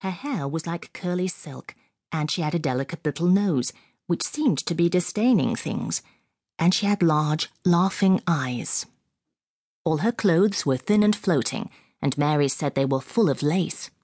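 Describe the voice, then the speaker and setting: A woman reading a classic novel as an audiobook narrator in a measured, expressive way, close on a studio mic. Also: sits low, husky, no room sound.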